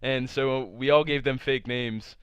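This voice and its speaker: A man's voice: mid-range voice, steady tone, a little slow, clear, resonant tone, no room sound. A young man vlogger telling a casual storytime tale, rambling with lots of "like" fillers and plenty of swearing. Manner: rambling, full of "like" fillers, profane. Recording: dull lo-fi sound.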